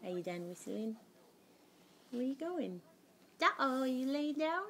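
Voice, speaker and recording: A woman's voice: high-pitched, sing-song, unhurried, a bit bright, slight background noise. A woman talking baby talk to a toddler at home, coaxing him and making animal noises in a sing-song way. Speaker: parent.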